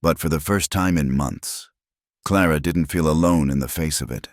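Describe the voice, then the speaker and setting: A man narrating a western story in slow, measured scripted narration. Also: rumbling low, dry recording, clean studio sound.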